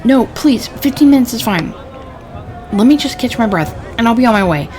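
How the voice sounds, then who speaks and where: A woman's voice: a little high, normal speed, some chatter behind, natural voice. A woman voicing a tired, pleading male traveler in a game. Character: worn-out male beggar traveler. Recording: steady background noise.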